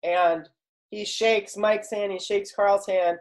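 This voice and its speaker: A man's voice: high voice, steady tone, slow pace. Male talk show guest, casual storyteller, rambly, heavy on fillers. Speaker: guest, actor and comedy writer.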